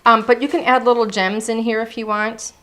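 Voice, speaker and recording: A woman's voice: on the high side, flat delivery, fairly quick, a bit bright, slight background noise. A woman presenting craft products in a casual, chatty showcase, gushing over each item and sometimes hunting for words.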